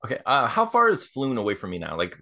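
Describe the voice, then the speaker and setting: A man playing a tabletop game, talking in a lively, animated way and slipping into his character's voice. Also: mid-range voice, fast. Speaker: player. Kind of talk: tabletop role-play chat.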